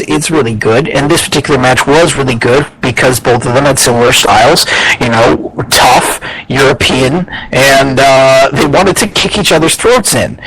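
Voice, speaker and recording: A man co-hosting a casual wrestling podcast rambles and offers strong opinions, swearing freely and often restarting his sentences. His voice is mid-range and a bit bright, on a low-quality recording with slight background noise.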